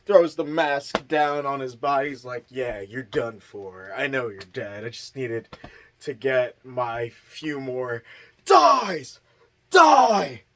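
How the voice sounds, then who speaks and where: Slow, laid-back man recapping a movie. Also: medium pitch. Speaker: horror movie reviewer. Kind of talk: casual plot recap.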